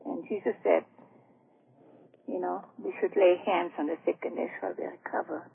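A woman calling in to a radio show, speaking in a hesitant, halting, heartfelt way. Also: on the low side, fairly even intonation, vocal fry, slightly rough. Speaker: caller. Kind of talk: radio call-in conversation. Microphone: telephone. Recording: tinny phone line with faint noise.

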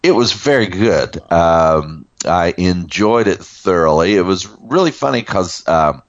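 A man's voice: sits low, expressive, unhurried, no echo, dull audio. A man in his sixties co-hosting a podcast, chatting casually, with fillers and easy laughs. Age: 60s. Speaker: podcast co-host. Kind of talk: casual chat.

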